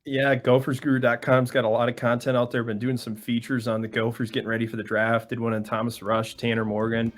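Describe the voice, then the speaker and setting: A man talks sports as a podcast guest in a quick, chatty way, dropping plenty of "like"s. His voice sits at an ordinary middle pitch. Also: little pitch movement. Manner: quick, chatty analysis with many "like"s. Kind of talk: sports analysis chat.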